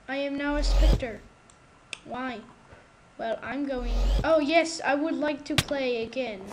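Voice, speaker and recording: A woman giving casual gameplay commentary, excitable and protesting loudly whenever she loses, recorded on a home microphone. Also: high-pitched, unhurried, background noise. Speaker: gamer. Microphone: new desktop microphone.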